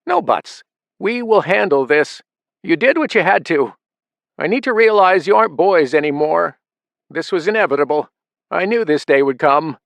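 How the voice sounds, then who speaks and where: A stern, commanding mother of grown sons, voiced by a man. She speaks in a high, raised voice and stays firm and protective. The voice sounds dry and close, as in a storybook reading. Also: animated, normal speed, creaky, fairly bright tone, dry recording. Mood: firm reassurance. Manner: firm, reassuring.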